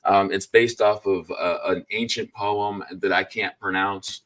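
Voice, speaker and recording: A man hosting a casual live-stream chat about books, easygoing and quick to laugh. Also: low-pitched, fairly even intonation, fairly bright tone.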